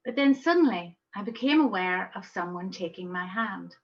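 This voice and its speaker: A woman voicing a young wounded man recounting his ordeal in a calm, matter-of-fact way. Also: mid-range voice, normal speed, highs cut off, lightly acted.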